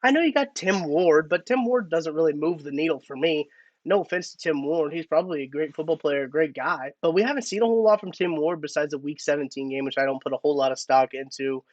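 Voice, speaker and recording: A man's voice: fairly high pitch, lively intonation, quick pace, no echo, lo-fi sound. A man hosting a casual live-stream sports talk, chatty and thinking aloud with restarts. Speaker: podcast host.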